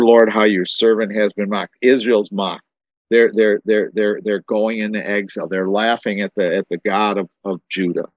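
A man gives an informal Bible teaching in a fairly low voice. He often repeats and restarts words while working through his thoughts. The recording is dry and close. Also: no room sound, dull audio.

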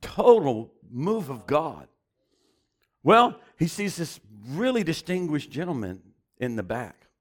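A preacher telling a story in a sermon, animated and often chuckling as he goes. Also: a little high, slow pace.

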